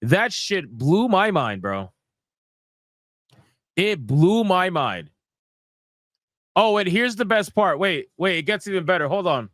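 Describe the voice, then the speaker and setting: A man's voice: high voice, big pitch swings, slow pace, pauses often, a bit bright, dry recording. A man giving casual, profane gaming commentary, ranting in exasperation and repeating himself.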